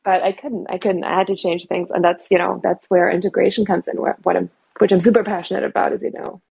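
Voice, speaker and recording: Husky woman sharing her story. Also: on the low side, flat delivery, quick pace, darkish tone, muffled recording. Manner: earnest, reflective storytelling. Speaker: guest. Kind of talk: personal story in a podcast interview.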